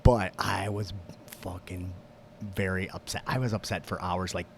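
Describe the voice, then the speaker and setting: A man co-hosting a podcast, telling stories in casual, profane, animated chat. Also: low-pitched, moderate pace, creaky, a little hiss or hum. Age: young adult. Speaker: podcast co-host.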